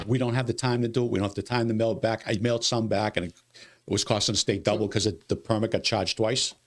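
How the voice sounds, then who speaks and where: A man who runs a city's elections, explaining voting rules in a casual studio interview, talking quickly and with animation, repeating himself when exasperated. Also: lowish voice, steady tone. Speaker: city elections director. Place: local TV studio.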